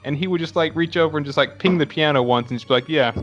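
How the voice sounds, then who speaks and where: A man co-hosting a casual movie podcast, talking rapidly with lots of filler words and casual swearing. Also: a little high, a bit bright, dull audio, soft background music. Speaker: podcast co-host. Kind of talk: casual movie chat over beers.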